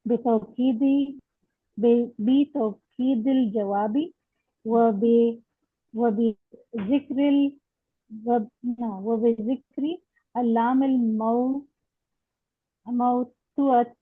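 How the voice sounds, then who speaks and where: A woman student reading a text aloud in class, halting and restarting words as she goes, heard over a video call. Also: on the high side, fairly even intonation, slightly rough, no room sound. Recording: phone-like call line.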